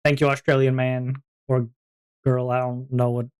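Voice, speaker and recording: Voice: medium pitch, little pitch movement, normal speed, a little mellow, clean tone. Giggly, rambling streamer. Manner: rambling, giggly, lots of fillers. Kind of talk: casual stream chat.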